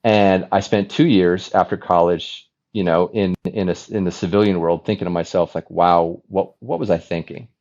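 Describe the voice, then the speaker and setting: A man in his forties, a former fighter pilot, telling his story as a podcast guest in an animated, chatty way with many restarts. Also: sits low, normal speed, hardly any pauses, lo-fi sound. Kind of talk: casual storytelling interview.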